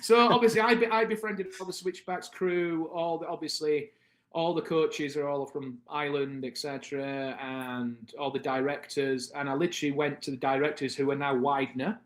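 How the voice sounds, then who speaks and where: A British man in his thirties tells a long story on a podcast and jumps into the voices of the people in it. His voice sits a little high for a man. The room around him is echoey. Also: normal speed. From Britain. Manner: animated, acts out the voices of people in his stories. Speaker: podcast guest. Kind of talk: casual storytelling.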